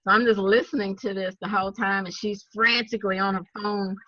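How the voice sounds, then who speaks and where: A woman with a Southern accent, an animated storyteller who laughs often and acts out what people said, talking casually to a group on a video call. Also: mid-range voice, fairly quick. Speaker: network marketing speaker. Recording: dull, dry lo-fi sound.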